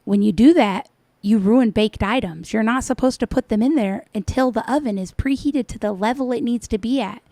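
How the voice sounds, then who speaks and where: A woman's voice: a little high, normal speed, warm tone, dry recording. Sarcastic woman mocking a cooking clip. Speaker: commentator reacting to another vlogger. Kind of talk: mocking reaction commentary.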